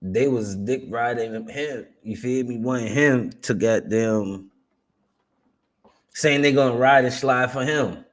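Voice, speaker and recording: A man's voice: medium pitch, takes it slowly, slight background noise. A young man giving casual, slang-heavy commentary as a reaction streamer, often tacking "man" and "you feel me" onto his lines.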